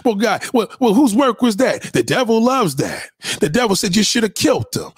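A man with a high, husky voice holds forth on his livestream, preaching and picking fights. His pitch leaps up and down, and he swears constantly. The sound is dry, with no room around it. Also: big pitch swings, moderate pace, no room sound. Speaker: livestream host. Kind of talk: profane livestream rant.

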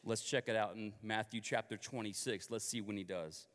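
A man from Kansas preaching a sermon in a lively, conversational and confessional way, with a long hall reverb on his voice. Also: lowish voice, normal speed.

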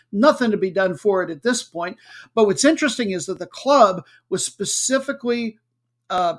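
Male podcast host, casual and wry, chatty with ums and uhs, higher voice. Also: a bit bright. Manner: jokey, chatty, with filler words. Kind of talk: casual chat.

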